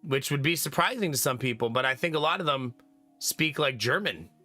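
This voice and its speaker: Bright, lively male game streamer. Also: medium pitch, fairly quick, soft background music. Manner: chatty, laughs often, talks to chat. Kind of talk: casual live-stream chat.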